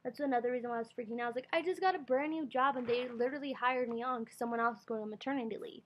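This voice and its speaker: A woman's voice: fairly high pitch, very fast, a little hiss or hum. A young woman telling a rambling storytime vlog into her computer's built-in mic, full of fillers and quoted self-talk. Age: young adult. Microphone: computer webcam mic.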